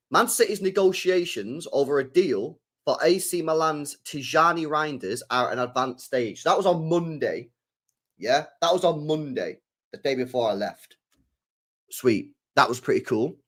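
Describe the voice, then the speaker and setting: A young man hosting a casual football live stream, loose and chatty, full of slang, swinging from loud bursts to mumbles. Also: medium pitch. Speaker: football channel host.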